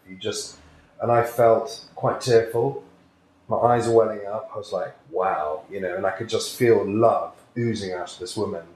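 A man's voice: fairly low pitch, darkish tone. A man, a psychic healer, telling a personal story in an earnest, reflective way during an interview. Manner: earnest, reflective, acts out quoted voices. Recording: echoey room, faint noise.

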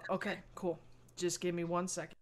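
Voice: mid-range voice, completely flat delivery, brisk. A player in a tabletop game, talking casually and stumbling over words.

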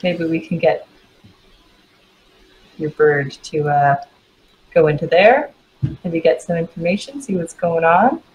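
A woman's voice: low voice, a little slow, pauses often, lo-fi sound. A woman playing a tabletop game, planning aloud in casual chat with some hesitation. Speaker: player.

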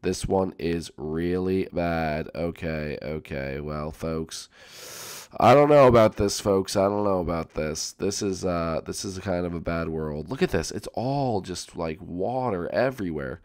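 A male gaming channel host giving excitable let's-play commentary, repeating himself and talking straight to his viewers. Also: sits low, unhurried.

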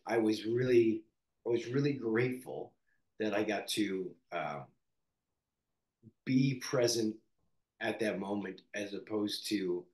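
A man from Canada, an actor, speaking candidly in an interview in a reflective, halting way with many fillers and restarts. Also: on the low side, echoey room.

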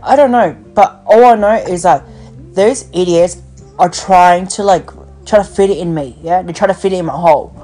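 A woman's voice: on the low side, moderate pace, dark tone. A woman hosting a podcast, ranting bluntly in casual chat with lots of swearing and fillers. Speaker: podcast host. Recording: phone call with faint music.

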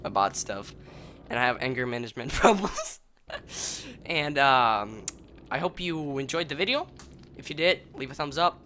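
A young man commenting on his own game play, yelling and swearing in angry bursts at the game. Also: medium pitch, slight background noise. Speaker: gaming channel host. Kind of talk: gaming commentary.

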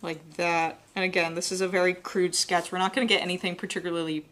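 Talking fast, a woman whose voice sits fairly low demonstrates drawing live as an art instructor. Her easygoing, conversational narration walks the audience step by step through the piece, always in an instructive manner.

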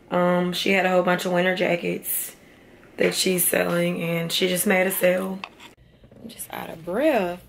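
A woman's voice: medium pitch, slight background noise. A young woman chatting casually to her viewers in a vlog, calling them y'all. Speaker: vlogger.

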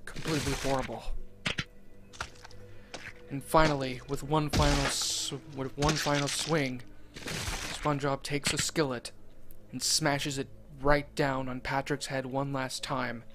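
Man, horror story narrator, deliberate reading, mid-pitched voice, faint music underneath. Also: level tone. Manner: deliberate, dwelling on grisly details.

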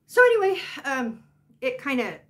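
A woman's voice: sits high, very animated, moderate pace. Chatty older woman telling a story. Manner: chatty and rambling, with frequent asides. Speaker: vlogger. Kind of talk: casual personal storytelling.

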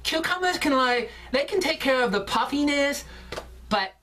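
Bright, high-voiced playful woman. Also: lively intonation, normal speed, slight background noise. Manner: playful, giggly, loud. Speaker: makeup vlogger. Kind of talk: casual comedic vlog.

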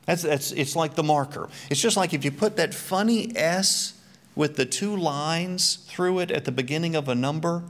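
A man's voice: on the high side, moderate pace, fairly bright tone. A middle-aged man giving a church Bible teaching talk, full of joking, self-mocking asides.

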